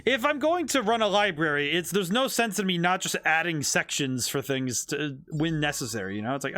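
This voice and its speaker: Animated, bright-voiced male game streamer. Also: fairly high pitch, fairly quick, hardly any pauses. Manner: rambling, playful, thinking aloud with restarts. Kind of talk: casual live-stream commentary while playing.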